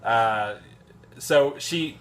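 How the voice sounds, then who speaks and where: Male vlogger, casual storyteller, average pitch, loose and rambling with lots of restarts. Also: drawn-out words. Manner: rambling, folksy anecdote with frequent restarts and fillers.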